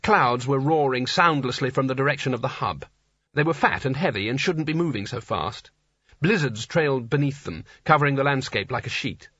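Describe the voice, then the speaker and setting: A man reading a story aloud as an audiobook narrator, in a dry, even storytelling manner. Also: mid-range voice, normal speed, slightly rough, dry recording. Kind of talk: scripted narration. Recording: slightly dull lo-fi recording.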